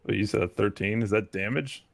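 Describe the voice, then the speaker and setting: A man's voice: lowish voice, a little fast, vocal fry, no echo. A man playing a tabletop game, laid-back and joking as he describes his moves. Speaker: player. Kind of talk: casual tabletop play.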